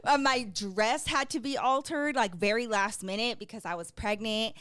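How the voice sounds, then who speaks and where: A young adult woman co-hosts a podcast, telling animated stories in casual chat, acting out what people said and laughing often. Her voice is a little high at a moderate pace, recorded dry at studio quality.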